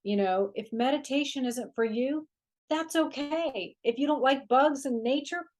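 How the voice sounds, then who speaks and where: Woman, talk-show guest, somewhat high voice, lively and chatty, lots of fillers. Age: older adult. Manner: animated, chatty, quick to laugh, many fillers. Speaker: guest author. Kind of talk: casual conversational interview.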